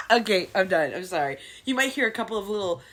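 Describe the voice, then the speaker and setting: A woman's voice: mid-range voice, fast talker, over music. A middle-aged woman co-hosting a casual podcast with her daughter, telling stories in a bubbly, giggly way. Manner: bubbly, giggly, animated storytelling. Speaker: podcast co-host, mother. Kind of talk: casual chat.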